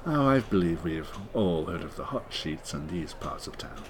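A man's voice: deep voice, animated, moderate pace, a little hiss or hum. A man improvising a pompous, snobbish rich father in a comedy scene, with a wide, swooping delivery. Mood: haughty. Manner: pompous, breaks into laughter.

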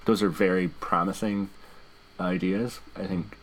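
A woman's voice: rumbling low, fairly even intonation, a little slow, slight background noise, low-quality recording. A woman co-hosting a comedy podcast, reacting bluntly and dryly. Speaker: podcast co-host. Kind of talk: comedic banter.

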